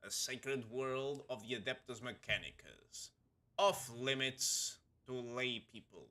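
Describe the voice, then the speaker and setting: A man voicing a stern, scheming Inquisitor who speaks in a measured, formal, persuasive way. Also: mid-range voice, expressive, bright, forceful tone. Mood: grave.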